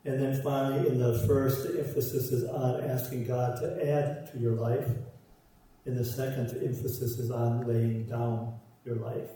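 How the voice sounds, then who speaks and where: A man's voice: medium pitch, level tone, moderate pace, dark tone, a little hiss or hum. A man preaching a sermon, stressing his points through repeated parallel phrases. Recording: roomy echo, voice from far off.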